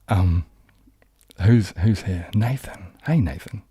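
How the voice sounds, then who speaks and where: A young man from New Zealand hosts an ASMR live chat, his accent leaning southern English. The recording is dry, and his low, mellow, slightly rough voice moves at a moderate pace as he chats casually, rambling and putting himself down with many ums and restarts.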